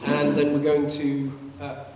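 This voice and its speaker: A man's voice: on the high side, completely flat delivery, darkish tone. Man lecturing in a reverberant hall. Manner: explanatory, dry humor, measured. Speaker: guest presenter, scientist. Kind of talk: public lecture. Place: large public meeting hall. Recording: echoey hall from far off, faint hum.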